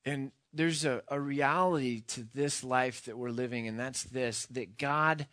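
A man preaching a sermon, earnest, moving from quiet, hushed passages to loud, impassioned ones. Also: mid-range voice, a little slow, hardly any pauses, dry recording, studio quality. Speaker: pastor.

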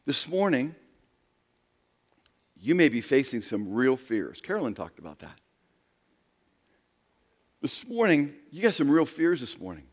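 A pastor preaching a sermon, swinging from quiet, low talk to loud, raised passages. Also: male voice, sing-song, a little slow, long pauses. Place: church sanctuary. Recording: long reverb of a large hall.

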